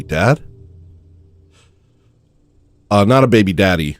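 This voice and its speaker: Male streamer, mid pitch, lively rise and fall, dry rambling comedy, faint music underneath. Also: unhurried, long pauses. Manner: deadpan, drifts into loud baby-cry impressions. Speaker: livestream host. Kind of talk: rambling comedic livestream chat.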